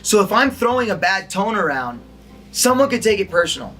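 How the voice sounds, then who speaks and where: Animated male acting instructor. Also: high-pitched, fairly quick, slight background noise. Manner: animated, demonstrates tones and quizzes listeners. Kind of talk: recorded lesson to an audience.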